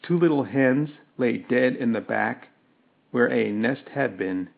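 Unhurried male audiobook narrator, mid-pitched; narrow telephone-like audio. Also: vocal fry. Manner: slow, measured storytelling. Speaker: storyteller. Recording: tinny phone-like audio.

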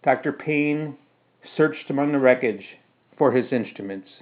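A man's voice: mid-range voice, a little slow. A man narrating a first-person story, later explaining it casually with fillers. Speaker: storyteller reading his own story. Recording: narrow phone-like sound.

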